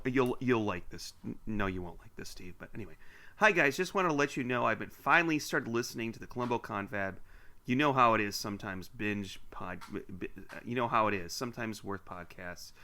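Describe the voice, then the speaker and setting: A man's voice: fairly low pitch, sharp tone. A man co-hosting a podcast, chatting casually and teasingly as he reads listener mail aloud with asides. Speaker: podcast co-host.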